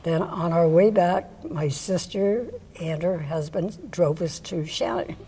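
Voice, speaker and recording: A woman telling stories about an old friend in a slow, measured way. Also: on the low side, warm tone, breathy edge, rough recording. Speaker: interviewee recalling a friend. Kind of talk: anecdotal storytelling.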